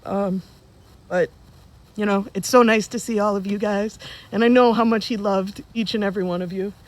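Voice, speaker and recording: A woman's voice: medium pitch, fairly even intonation, normal speed. A woman in her forties speaks at her father's funeral, addressing the people gathered in front of her. She tells funny stories in a loose, conversational way, with plenty of ums and restarts. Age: 40s. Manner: conversational, humorous storytelling. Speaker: eulogist, daughter of the deceased. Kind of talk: funeral eulogy. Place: funeral service before a gathered audience.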